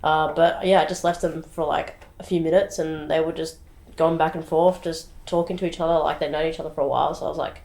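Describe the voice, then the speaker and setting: A woman who cast the actors, talking in casual chat and quick to laugh. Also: sits low, fairly even intonation, gravelly, a little mellow. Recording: roomy echo.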